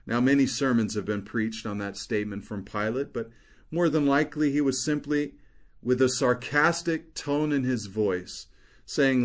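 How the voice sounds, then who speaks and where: A man's voice: medium pitch, normal speed. A man preaching an expository sermon as a pastor, earnestly explaining scripture verse by verse.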